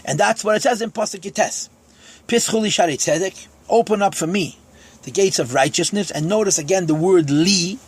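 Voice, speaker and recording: A man's voice: high-pitched, normal speed, breathy edge. A man teaching a lesson on Psalm verses, quoting each verse in Hebrew and then explaining it in English. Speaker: Torah teacher.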